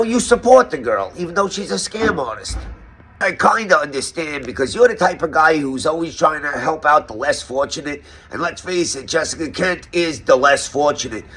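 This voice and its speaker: A man's voice: on the high side, fairly bright tone, a little hiss or hum. A man with a New York accent hosting a mock interview roast, asking questions in a sarcastic, mock-serious way. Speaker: roast host.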